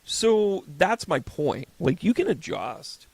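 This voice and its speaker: A man in his fifties talks casually on his own podcast, his voice gravelly with a rough fry at the edges. He rambles through stories, cracks jokes and slips into quick acted-out scenes. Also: sits high, sing-song, no room sound. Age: 50s. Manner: rambling, joking storyteller who acts out little scenes. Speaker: host and psychic medium. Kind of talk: casual solo podcast talk.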